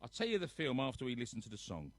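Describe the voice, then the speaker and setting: A man's voice: medium pitch, wildly swooping pitch, quick pace. A man, hosting a nightly livestream from his sofa at home, chatting casually and reading out viewers' names with jokes between them. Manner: chatty, jokey, reads out viewers' names one by one.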